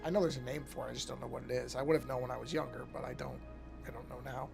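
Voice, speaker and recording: Man, middle-aged, gravelly voice, yawning, thinking aloud, casual art stream talk, faint music behind. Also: medium pitch, steady tone, racing. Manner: rambling, thinks aloud, frequent restarts. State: yawning often. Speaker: artist streaming his work. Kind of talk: casual live-stream talk while painting.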